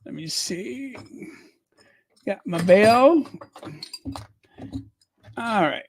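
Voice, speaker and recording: Unhurried chatty livestream host, mid pitch, dry close mic, casual greeting tone. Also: lively intonation, breathy edge, no room sound. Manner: chatty, greets viewers by name.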